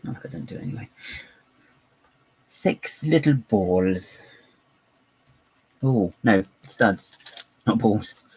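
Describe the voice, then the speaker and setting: A man's voice: lowish voice, normal speed, husky, rough recording. A man chatting live while building, rambling, giggly and self-mocking. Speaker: live-streaming LEGO builder.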